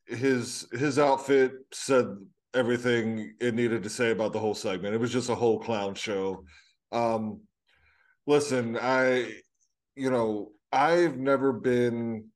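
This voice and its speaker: A man co-hosting a wrestling podcast, giving his take in halting, agreeable casual chat. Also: mid-range voice. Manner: halting, agreeable, many restarts. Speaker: podcast co-host.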